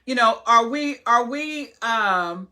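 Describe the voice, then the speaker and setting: A woman's voice: on the high side, animated, slow pace, sharp tone. A woman in her forties talking casually to her followers, chatty and earnest, rambling with many fillers and restarts. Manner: earnest, opinionated. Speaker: vlogger. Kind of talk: casual vlog talk to camera.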